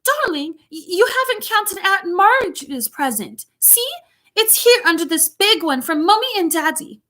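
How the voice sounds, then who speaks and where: A woman's voice: very high voice, very animated, unhurried, sharp tone, pitched above the performer's own voice, full character voice. A woman voicing a fussy, doting aunt with a put-on British accent, coaxing and sugary in a storybook read-aloud. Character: fussy doting aunt fawning over her spoiled son.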